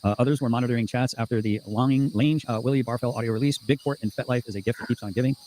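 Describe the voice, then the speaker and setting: A man hosting a casual livestream, reading viewer comments aloud in a fast, profane and combative way. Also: mid-range voice, darkish tone, a little hiss or hum. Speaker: livestream host.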